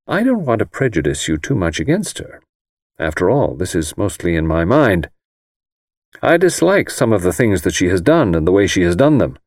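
A man reads a careful, disapproving older lawyer in an audiobook, formal and measured in every phrase. The voice sits low and moves with lively rises and falls. It is recorded close and dry. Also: dry recording. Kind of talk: audiobook character reading.

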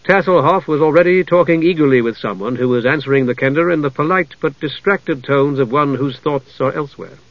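A man narrating a fantasy audiobook in a measured storytelling manner. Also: fairly high pitch, no echo. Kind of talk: scripted narration. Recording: dull lo-fi dry recording.

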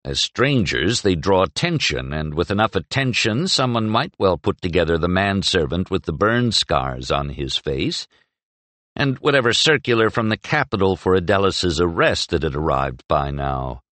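A man reading a novel aloud as an audiobook narrator, in expressive, measured storytelling. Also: sits low, no room sound. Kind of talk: scripted narration.

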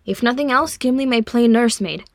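A woman's voice: on the high side, fairly quick, no room sound, voice pushed up, natural voice. Brief: woman reading a wry, elegant male elf in an audiobook, dry close sound. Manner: poised, archaic speech.

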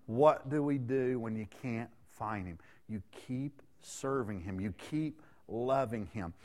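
A man's voice: medium pitch, slow pace, darkish tone. A man in his thirties preaching a sermon in a folksy, conversational way, throwing questions out to the congregation. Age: 30s.

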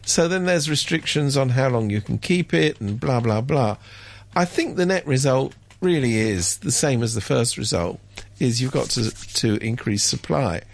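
A man chatting on a radio show, wry and sardonic, mimicking people in sudden high voices. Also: lively intonation, normal speed, vocal fry. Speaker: radio commentator. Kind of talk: casual radio chat.

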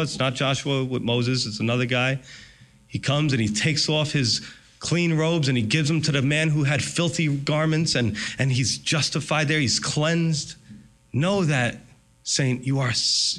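Animated preaching man, slightly high voice. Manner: animated, acts out voices of God and Satan. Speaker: pastor. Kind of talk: sermon.

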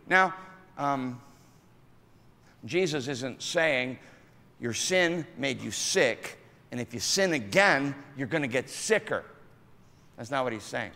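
A male pastor giving an animated sermon, calling out to his congregation. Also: mid-range voice, takes it slowly, gravelly, pauses often. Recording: echoey hall.

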